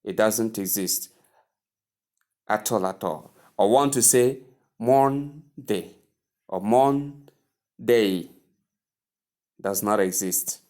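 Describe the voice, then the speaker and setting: A man teaching English pronunciation, speaking deliberately and repeating each word several times for the listener to practice. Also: on the low side, darkish tone. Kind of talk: pronunciation lesson.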